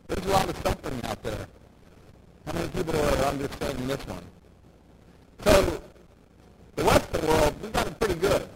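A man preaching a sermon, emphatic, repeating phrases for stress. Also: a little high. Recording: loud background noise.

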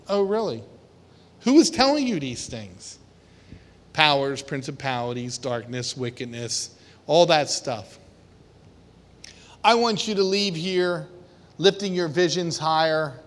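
A male preacher delivers a fervent sermon in a high, bright voice. He takes his time and lets words land, then rises to loud emphasis. The sound rings with the long echo of a large hall. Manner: impassioned, swinging from quiet to shouting.

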